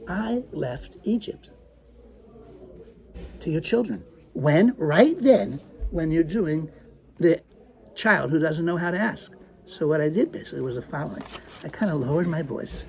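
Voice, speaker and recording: Male Torah teacher with a rough, gravelly voice who acts out anecdotes and swings his pitch widely. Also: slight background noise. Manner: animated, swings from hushed to excited; sprinkles Hebrew terms. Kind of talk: lecture with acted storytelling.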